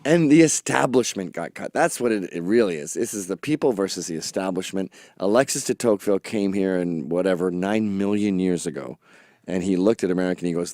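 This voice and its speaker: A man's voice: low-pitched, brisk, darkish tone, no echo, studio quality. A man hosting a talk show, brash and profane in crude comedic chat. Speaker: podcast host.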